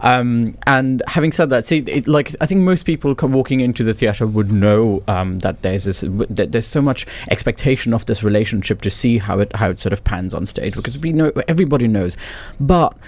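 A man's voice: mid-range voice, brisk, few pauses, darkish tone. A man who is a stage actor, talking enthusiastically in an interview, often restarting his sentences. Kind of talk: radio interview.

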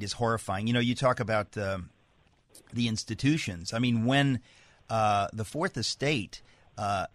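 A man's voice: on the low side, no echo. Chatty man, frequent restarts. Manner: chatty, restarts often, joking. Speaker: host. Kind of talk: political conversation.

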